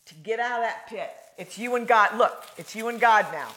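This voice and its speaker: A woman preaching a sermon in a folksy, conversational way, swinging from loud emphasis to hushed, near-whispered lines. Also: fairly high pitch, moderate pace, few pauses.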